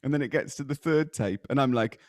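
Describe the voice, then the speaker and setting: A man's voice: mid-range voice, fairly quick, dry recording, studio quality. Chatty man telling rambling stories. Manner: animated, rambling storyteller with many ums. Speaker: podcast co-host. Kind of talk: casual chat.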